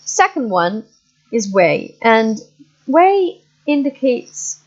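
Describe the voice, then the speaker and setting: A woman giving an online English lecture, explaining slowly with many fillers and frequent checks for understanding. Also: fairly high pitch, very animated. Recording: muffled lo-fi recording.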